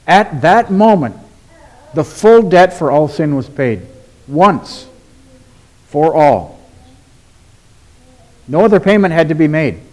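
Pastor, male, light higher pitch; deliberate, emphatic sermon delivery with hushed drops. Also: big pitch swings. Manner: deliberate, emphatic, rhetorical questions, drops to quiet.

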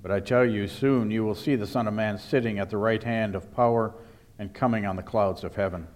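A man reading scripture aloud and speaking the quoted words of Jesus in a calm, measured voice. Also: on the low side, close to an everyday voice. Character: calm, steady male teacher Jesus.

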